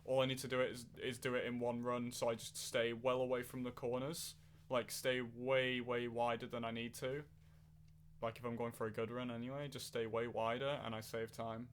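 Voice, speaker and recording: A man streams a racing game, chatting casually and replying to his viewers while he races. His mid-range voice is level and moves at a normal speed, with game music and slight background noise behind him.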